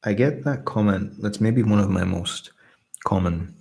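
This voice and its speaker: A man with a softened Scottish accent speaks in a very low, heavily gravelly voice with a husky edge. He hosts a soft-spoken ASMR live stream, reading out viewers' comments between pauses. His manner is earnest and grateful. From Scotland.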